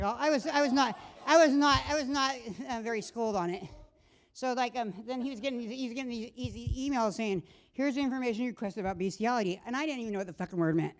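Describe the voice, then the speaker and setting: A middle-aged woman doing a stand-up set in a comedy club, rambling and crude, breaking off mid-sentence and laughing at her own jokes. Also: fairly high pitch. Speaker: stand-up comic.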